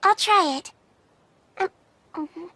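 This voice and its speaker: A young witch heroine: very high, polite, earnest anime voice. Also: slow pace, bright, forceful tone, no room sound, heavily acted. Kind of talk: anime English dub.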